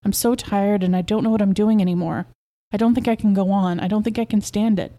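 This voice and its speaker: A woman's voice: medium pitch, fast, natural voice. A woman voicing Mabel, an anxious, worn-out young mother who swings from tearful to fussing, in a story reading. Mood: weary. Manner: tearful, then excited and fussing.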